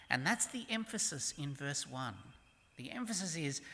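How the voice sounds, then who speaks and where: In a church's large hall, a preacher gives an emphatic, animated sermon in a medium-pitched voice. He swings between loud declarations and hushed near-whispers, and reads scripture slowly and softly.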